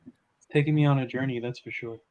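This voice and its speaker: Dude on a live stream call, quick talker, kinda teasing, sipping whiskey. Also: male voice, medium pitch, fairly even intonation, narrow, tinny audio. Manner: quick, teasing, savoring a tasting. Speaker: guest on livestream. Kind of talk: casual livestream chat.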